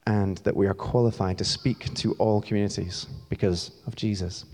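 A young man from Scotland preaches in a relaxed, chatty way, poking gentle fun at himself. His voice sits low and mellow. The sound carries a long reverb from the church hall. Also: moderate pace. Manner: chatty, self-deprecating, moves around while talking. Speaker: church staff member preaching. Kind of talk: sermon.

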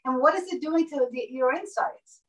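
A woman guest in a casual interview, telling stories and acting out the lines of others with lively emphasis. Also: high voice, normal speed. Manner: animated, acts out quoted dialogue. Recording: voice somewhat distant from mic.

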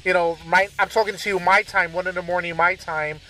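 A man's voice: high voice, fairly even intonation, a little fast, pushed and bright. A man hosting a podcast, talking in a rambling, chatty way full of fillers. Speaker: podcast host. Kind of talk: casual chat.

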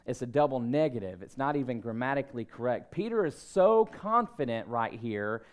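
Guy preaching a sermon, talks like he's chatting, jokes on himself, then gets loud and emphatic. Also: mid-range voice, animated, moderate pace. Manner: conversational, self-deprecating storytelling with emphatic bursts. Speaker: pastor.

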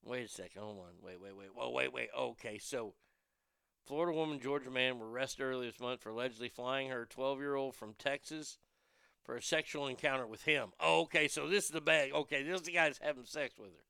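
A man's voice: mid-range voice, fairly quick, creaky, sharp tone, clean tone, no room sound, clean studio sound. A man hosting a podcast, reading odd news stories and ranting about them with crude, profane, mocking outrage. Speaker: podcast host. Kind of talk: crude comedic news rant.

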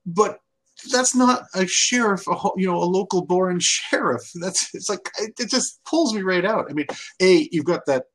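A man's voice: high-pitched, lively intonation, normal speed, fairly bright tone. A man co-hosting a podcast in casual chat, argumentative, rambling and jokey. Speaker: podcast co-host.

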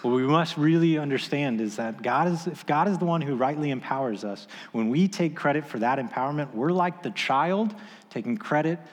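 A man's voice: a little high, animated, moderate pace, big-room sound. A man in his thirties preaching a sermon, telling a story in a casual, conversational way with filler words. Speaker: pastor.

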